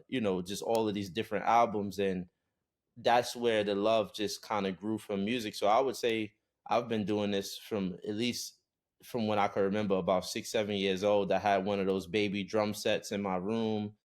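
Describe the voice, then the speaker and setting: Young man from Brooklyn, very deep voice, relaxed podcast guest, frequent fillers. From Brooklyn, New York. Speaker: podcast guest, recording artist. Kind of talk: casual interview chat.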